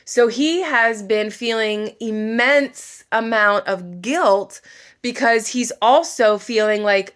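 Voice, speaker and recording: A woman book vlogger casually retelling a novel's plot while doing her makeup, talking fast with lots of "like" and "you know.". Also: fairly high pitch, a bit bright. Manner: chatty, fast, full of fillers like "like" and "you know".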